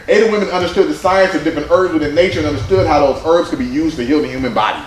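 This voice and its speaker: Animated man presenting at a conference. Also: a little high, racing, few pauses. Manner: animated, conversational, quotes people in voices. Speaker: presenter at a men's summit. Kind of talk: conference talk with slides. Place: conference room. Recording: roomy hall sound with faint ambience.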